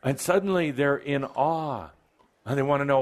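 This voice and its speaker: A man's voice: mid-range voice, moderate pace. A man delivers a spiritual talk to a gathered audience in a mid-range voice. He slips in wry, playful asides and breaks into sudden emphatic bursts. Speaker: channeler speaking to a live audience. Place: event hall with live audience.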